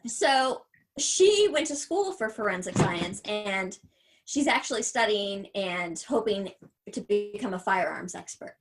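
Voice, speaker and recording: A woman co-hosting a podcast, chatting in a playful, animated way and acting things out. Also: mid-range voice, unhurried, faint music behind, low-quality recording. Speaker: podcast co-host. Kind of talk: casual chat.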